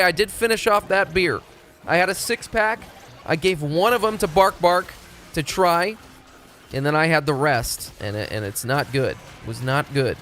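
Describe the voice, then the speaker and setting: A man's voice: a little high, a bit bright, a little hiss or hum. A young man from Texas, chatting casually and profanely on a live stream. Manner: rambling, profane, laid-back.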